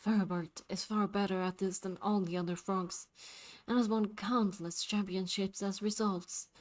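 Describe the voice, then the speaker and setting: A woman voicing a calm, formal frog who hosts a jumping contest, speaking softly and courteously. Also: mid-range voice, lightly acted. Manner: soft-spoken, courteous, measured.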